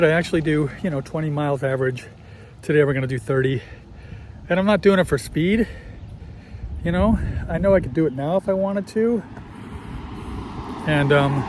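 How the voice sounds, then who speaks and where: Chatty man in his fifties, bit high. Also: slight background noise. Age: 50s. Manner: casual, chatty, swears freely. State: out of breath at times. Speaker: vlogger. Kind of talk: casual chat while cycling. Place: outdoors on a country road.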